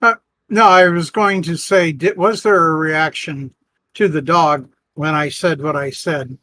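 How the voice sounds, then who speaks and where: Quick-talking man playing a tabletop game. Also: fairly high pitch, fairly even intonation, sharp tone, no room sound. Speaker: player.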